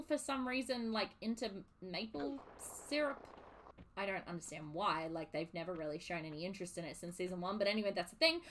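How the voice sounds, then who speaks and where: A young woman streaming a game, chatting casually and swearing in an animated, exasperated way as she recaps. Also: on the high side, a little hiss or hum. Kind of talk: casual chat while live streaming a game.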